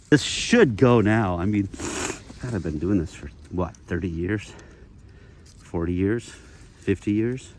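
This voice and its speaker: A middle-aged man casually talking through a how-to vlog outdoors in snowy woods, chatty and rambling with jokes. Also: fairly low pitch. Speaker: outdoors vlogger.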